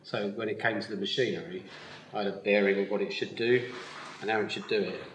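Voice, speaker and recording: At a yarn festival, in a live podcast interview, a wool mill owner explains his trade with a steady tone and a quick pace, his voice on the low side and a bit bright. He's easygoing and laughs often, and the festival recording is roomy with faint noise.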